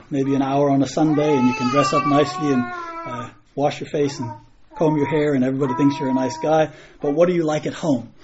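A man's voice: mid-range voice, dark tone, a little hiss or hum. A man preaching a sermon in an earnest way, often restarting and repeating phrases. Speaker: pastor. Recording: muffled lo-fi recording.

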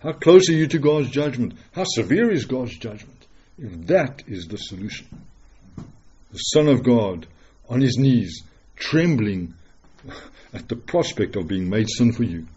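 A man preaching a dramatic, earnest sermon full of rhetorical questions, swinging between loud declarations and hushed words. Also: mid-range voice, expressive, a little slow, breathy edge, highs cut off.

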